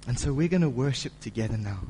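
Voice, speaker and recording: A man preaching a sermon as pastor, building to loud, emphatic delivery when he reads scripture. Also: mid-range voice, lively intonation, fast, a little hiss or hum, rough recording. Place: church auditorium.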